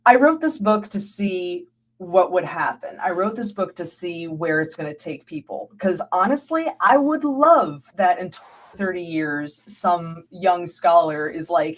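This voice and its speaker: A woman's voice: fairly low pitch, lively intonation, unhurried. An American woman, a guest scholar, talking animatedly in an interview, laughing often and acting out what people say to her. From United States. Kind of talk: conversational interview.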